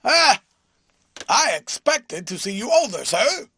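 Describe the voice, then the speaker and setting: A man voicing a loud, overbearing, pompous male philanthropist in an audiobook reading. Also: big pitch swings, takes it slowly, slightly rough, dry recording, heavily acted. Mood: pompous booming. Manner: booming, ferocious, self-important.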